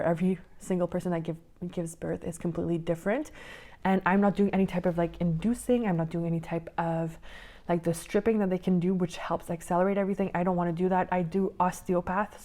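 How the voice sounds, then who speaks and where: A woman's voice: on the low side, darkish tone. A young woman, slightly out of breath, hosting a casual coaching podcast from home in a chatty, rambling way. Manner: chatty, rambling, many fillers and restarts. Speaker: podcast host and life coach.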